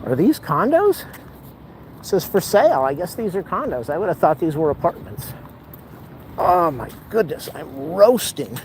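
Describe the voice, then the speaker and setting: Breathless man, walking vlog, slightly high, chatty and exclaiming, street noise behind. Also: very animated, moderate pace, pauses often, rough recording. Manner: chatty, rambling, exclaims often. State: out of breath, overheated. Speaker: vlogger. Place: outdoors on a city street near an airport. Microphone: camera held while walking.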